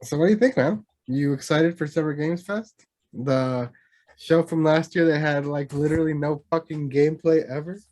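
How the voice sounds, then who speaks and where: A young man co-hosting a gaming podcast, excitable, slangy and casual with swearing. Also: a little high, normal speed, no echo. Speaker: podcast co-host. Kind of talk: casual chat.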